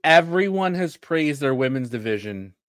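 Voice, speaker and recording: A man's voice: a little high, expressive, moderate pace, fairly bright tone, no echo. A man co-hosting a wrestling podcast, talking in blunt, profane, joking banter. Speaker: podcast co-host.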